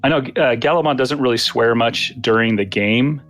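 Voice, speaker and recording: An American man speaks politely and a little hesitantly, at an ordinary pitch, often trailing off. Faint guitar music sits in the background. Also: moderate pace. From United States. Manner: polite and hesitant, full of fillers, trailing off quietly. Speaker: player. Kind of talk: casual chat between game sessions.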